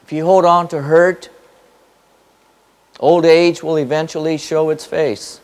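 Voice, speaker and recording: A man's voice: on the high side, little pitch movement, unhurried, a little mellow, clean tone. A man giving a spoken teaching to a live audience, emphatic and repetitive, firing off rhetorical questions. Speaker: spiritual teacher. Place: hall in front of an audience.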